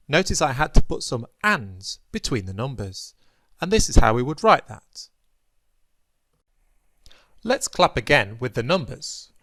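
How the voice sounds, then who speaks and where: A British man teaching a music theory lesson, counting beats aloud slowly and clearly as he claps along. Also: medium pitch, big pitch swings, background noise.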